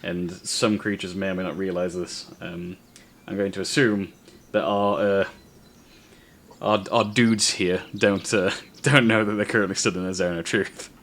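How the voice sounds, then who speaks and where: A man running a tabletop game as game master, explaining rules and narrating in a relaxed, halting way. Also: sits low, a little hiss or hum.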